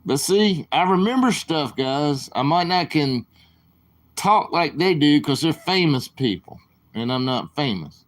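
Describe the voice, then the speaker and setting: A man rambles through casual talk on his live stream, drawing out his words at a slow, unhurried pace. His speaking voice sits fairly high for a man. He drifts between stories and apologies in a loose, informal way. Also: expressive.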